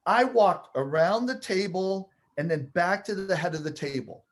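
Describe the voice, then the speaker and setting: A man telling a personal anecdote with animated, building excitement, acting out the scenes as he goes. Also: high-pitched, normal speed. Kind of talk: storytelling anecdote.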